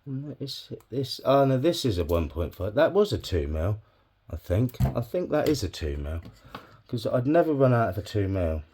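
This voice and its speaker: A man's voice: mid-range voice, sing-song, moderate pace, mellow, a little hiss or hum. A man chatting casually to the camera while wiring a bonsai, swearing often and talking to himself. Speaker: bonsai hobbyist vlogger. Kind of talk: casual chat while working.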